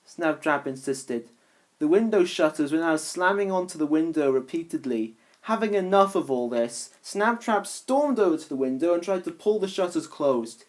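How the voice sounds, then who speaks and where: A woman's voice: sits low, lively intonation, normal speed, darkish tone. A woman reading a fan story aloud, shifting voices for each character. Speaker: reader.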